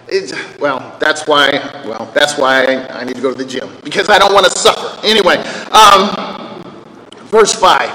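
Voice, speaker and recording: A pastor preaching a sermon, animated, swinging from loud outbursts to quiet low reading of scripture. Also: male voice, normal speed. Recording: echoey hall with long reverb.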